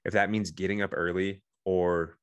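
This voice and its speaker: A man's voice: deep voice, little pitch movement, moderate pace, smooth, dry recording, clean studio sound. A man in his thirties, a guest on a talk show, telling his own story candidly and earnestly, with many restarts and "you know"s.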